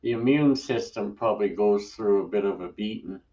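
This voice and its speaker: A man co-hosting a casual live-stream chat, easygoing and quick to laugh at himself. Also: lowish voice, warm tone. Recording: dull lo-fi audio, off-mic.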